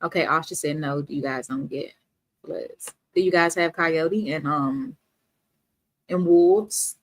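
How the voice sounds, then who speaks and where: Woman host, slightly low voice, casual chatty livestream banter with viewers. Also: takes it slowly. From Washington, D.C. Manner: chatty, reads viewer comments aloud, laughs often.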